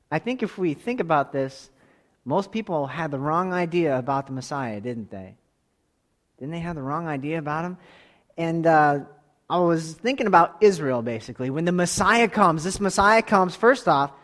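A man in his thirties teaching a Bible lesson to a church class, with a voice pitched a little high. He tells stories in a casual way and swings from soft asides to emphatic bursts. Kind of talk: sermon-style Bible lesson.

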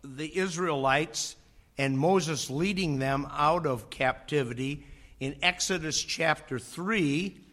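A man preaching a sermon, slow and dramatic, dropping to a near whisper on key phrases and acting out voices in his stories. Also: on the high side, fairly bright tone. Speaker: pastor.

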